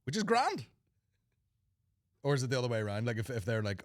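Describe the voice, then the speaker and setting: A man's voice: medium pitch, sing-song, brisk, no echo, clean studio sound. A man in his thirties with a Northern Irish accent, hosting a comedy podcast with crude, sweary, jokey chat. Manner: crude, sweary and jokey, slipping into mock voices. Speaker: podcast host.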